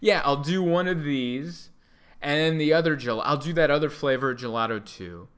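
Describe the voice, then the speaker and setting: Man imitating a fussy woman customer, entitled, dithering, overly polite, drawn-out ordering. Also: on the high side, a bit bright, smooth, lightly acted.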